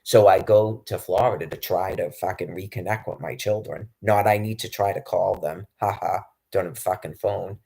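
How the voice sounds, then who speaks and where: A low, gravelly man rants on and on, swearing constantly and breaking off mid-sentence to restart. He talks in a rambling, agitated monologue about life without a home. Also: steady tone, normal speed, few pauses, darkish tone. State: homeless. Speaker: public access show guest.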